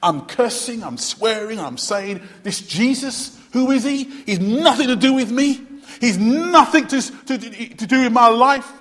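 A man's voice: very high-pitched, animated, unhurried, fairly bright tone, in a large hall, full character voice. A man voicing a frightened, defensive disciple who denies his teacher during a sermon. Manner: defensive, dismissive.

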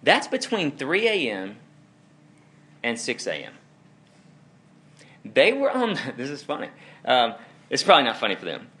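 Young male pastor, casual sermon delivery, chuckles through stories, crisp bright tone. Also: mid-range voice, measured pace, long pauses. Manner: animated, chuckling, storytelling asides. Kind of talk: conversational sermon.

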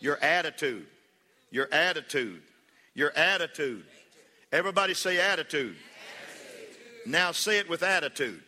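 Bright-voiced man preaching in an echoey hall. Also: fairly high pitch, lively intonation, unhurried, long pauses. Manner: preaching with rising fervor, calls for congregation responses; folksy humor and storytelling. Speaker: pastor. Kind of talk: sermon. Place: church hall.

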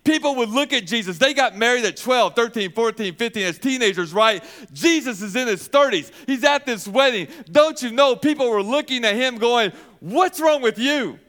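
High-voiced emphatic male preacher. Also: expressive, moderate pace, hardly any pauses, pushed and bright. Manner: asks questions and answers them himself, emphatic repetition. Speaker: pastor. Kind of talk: sermon.

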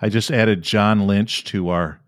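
A man's voice: on the low side, fairly even intonation, unhurried, no echo, studio quality. A man hosting a podcast, enthusiastic, telling a story. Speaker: podcast host. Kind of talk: podcast conversation.

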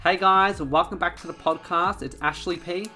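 A man's voice: sits high, fairly even intonation, moderate pace, music in the background. An Australian man co-hosting a podcast, telling rambling stories in casual chat and swearing freely. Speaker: podcast co-host.

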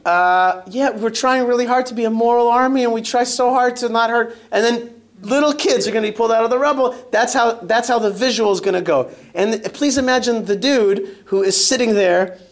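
Animated, high-voiced man telling a story. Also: fairly quick. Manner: animated storytelling, emphatic and joking. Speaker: rabbi speaker. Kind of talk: synagogue talk to an audience. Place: synagogue.

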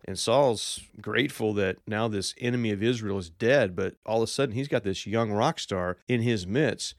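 A man preaching a sermon, reading scripture and retelling it in lively storytelling. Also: mid-range voice, no room sound, clean studio sound. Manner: animated storytelling, acts out quoted voices.

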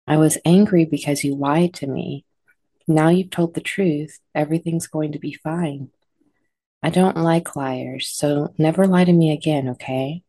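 A woman's voice: sits low, fairly even intonation, measured pace, mellow, dry recording. A woman voicing a strict mother of young girls who scolds firmly. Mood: calming. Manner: firm, scolding.

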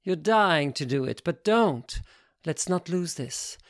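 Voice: mid-range voice, expressive, slow, no echo, clean studio sound. A reader voicing a frank, worldly woman who speaks with blunt, coaxing provocation in an audiobook.

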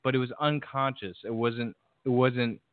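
A man's voice: medium pitch, normal speed, no room sound. A man talking bluntly and emphatically in a casual discussion, swearing freely. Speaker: podcast guest. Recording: tinny phone-like call audio, dry.

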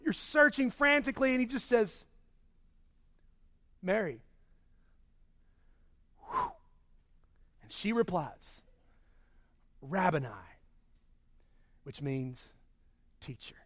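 A man preaching a sermon, swinging between loud emphasis and hushed, slow passages. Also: very high voice, huge pitch swings. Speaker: pastor.

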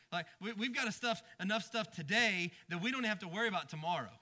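A male pastor preaching a conversational sermon, repeating and restarting words and dropping to a low, quiet voice for emphasis. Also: lively intonation, brisk. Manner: frequent stammered restarts.

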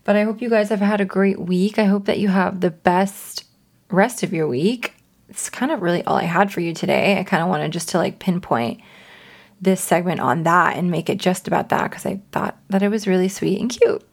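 A woman's voice: lowish voice, moderate pace, creaky. A woman in her twenties hosting her own podcast, talking casually and earnestly, with frequent laughs. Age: 20s. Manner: bubbly, earnest, laughs often. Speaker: podcast host. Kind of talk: casual solo podcast talk.

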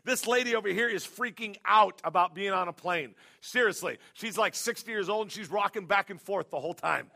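A man preaches a sermon, telling jokey stories and breaking into animated, shouted bursts. His voice sits high and carries a gravelly edge. The tone is bright and sharp. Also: brisk, hardly any pauses. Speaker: pastor.

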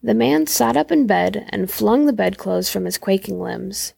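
A woman podcast host reading a classic horror story aloud in a slow, measured way. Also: medium pitch, animated, vocal fry, warm tone, slightly rough.

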